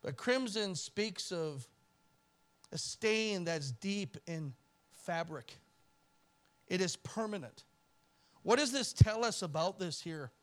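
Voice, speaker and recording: A male pastor with a notably high voice delivers a church sermon. He swings between forceful, raised emphasis and hushed, almost whispered pleading, giving the preaching a dramatic push and pull. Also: animated, slow, long pauses. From Canada.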